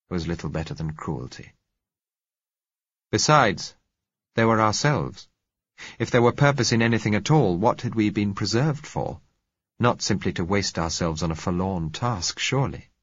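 A man narrating a story in the first person, in a measured, reflective way. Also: sits low, expressive, slightly rough, no room sound. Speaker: audiobook narrator. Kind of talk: scripted narration. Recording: dull lo-fi recording.

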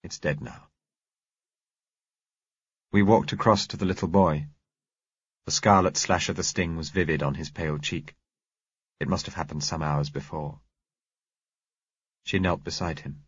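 A man reading a novel aloud in measured, grave first-person narration. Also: very deep voice, steady tone, husky, dry recording, dull audio. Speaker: audiobook narrator.

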